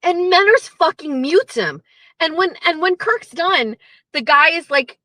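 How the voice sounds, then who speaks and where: Streamer host, woman, high and bright voice, profane ranting commentary, dry close sound. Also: unhurried, no room sound, rough recording. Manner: profane, animated, mocking impressions.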